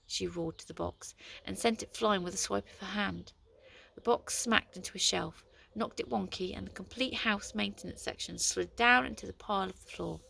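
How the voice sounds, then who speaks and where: A woman reading a storybook aloud in a lively, expressive way. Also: medium pitch, normal speed, gravelly, slightly rough.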